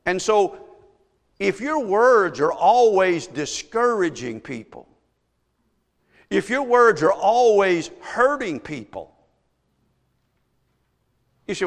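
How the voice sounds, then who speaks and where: This pastor takes his sermon slowly and with long pauses, yet stays very animated, his voice high for a man. Rhetorical questions press each point from the pulpit, echoing with a long church-hall reverb.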